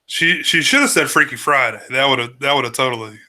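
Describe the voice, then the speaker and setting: A man's voice: medium pitch, fast talker, bright, forceful tone. A man co-hosting a podcast, chatting casually with wry, incredulous remarks. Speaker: podcast co-host. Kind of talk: casual chat.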